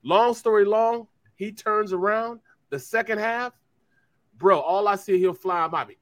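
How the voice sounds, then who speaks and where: A middle-aged former football player co-hosting a sports talk show, his voice sitting a little high for a man. He spins animated locker-room stories, acting out the voices of the people in them. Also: measured pace. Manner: animated storyteller who acts out quoted voices. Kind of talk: casual sports talk, storytelling.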